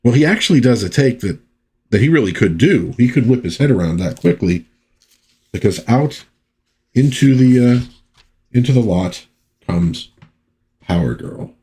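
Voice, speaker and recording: A man's voice: mid-range voice, expressive, normal speed, long pauses, warm tone. A man hosting a casual comic book review vlog, chatty and easygoing. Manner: chatty with frequent fillers and restarts.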